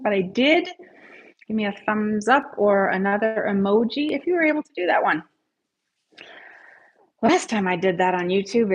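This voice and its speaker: Woman, tapping coach, encouraging, husky voice, dull lo-fi sound. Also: mid-range voice. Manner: encouraging, calls out viewers' scores; has listeners repeat affirmations after her. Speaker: tapping coach, livestream host. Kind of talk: guided tapping session.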